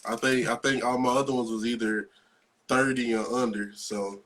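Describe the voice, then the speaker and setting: A man from South Carolina, hosting a podcast in relaxed casual chat and praising his guest. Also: mid-range voice, moderate pace. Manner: relaxed, warmly affirming. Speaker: podcast host.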